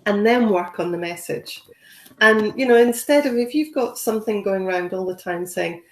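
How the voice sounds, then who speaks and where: A woman's voice: a little high, lively intonation, moderate pace, reverberant. A woman giving a conversational training webinar, encouraging and full of "you know" fillers. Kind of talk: webinar talk.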